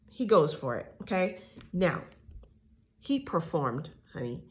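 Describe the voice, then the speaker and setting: A woman with a low-pitched voice rattles through a reality-show recap in loose, chatty speech. She is opinionated and mimics the cast with sudden high, theatrical bursts. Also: expressive, takes it slowly, a bit bright. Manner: chatty, opinionated, acts out quotes with big voices. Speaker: entertainment news recap host. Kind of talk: casual gossip recap.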